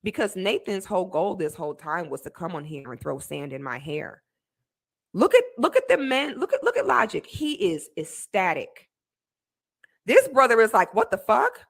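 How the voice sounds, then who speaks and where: A woman's voice: fairly low pitch, very animated, moderate pace, gravelly. A young woman giving heated, indignant commentary on a video as a debate panelist, emphatic and repetitive. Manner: indignant, emphatic, repeats herself. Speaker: debate panelist reacting to a clip.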